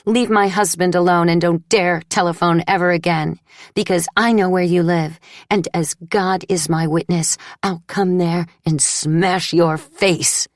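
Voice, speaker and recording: Furious jealous wife, voiced by the female reader: shrill, accusing, threatening, dry close audiobook sound. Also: steady tone, unhurried, dry recording, close to an everyday voice.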